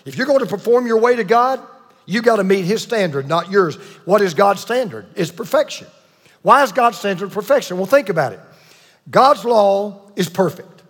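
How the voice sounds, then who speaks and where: A man's voice: high-pitched, expressive, normal speed, fairly bright tone, in a large hall. A man preaching a sermon with emphatic delivery, repeating key points and calling on the congregation to answer. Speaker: pastor.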